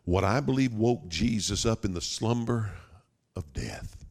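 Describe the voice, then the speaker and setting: A man preaching a sermon as pastor, dramatic, slowing down for emphasis and dropping to a whisper. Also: lowish voice, lively intonation, a little mellow, slightly rough. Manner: dramatic, with sudden drops to a whisper and slowed emphasis.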